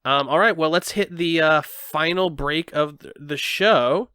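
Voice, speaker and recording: A man hosting a casual music podcast, talking in halting phrases with many restarts. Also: on the high side, bright, forceful tone, smooth, no room sound, clean studio sound. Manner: hesitant, lots of filler restarts. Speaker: podcast host. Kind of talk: casual chat.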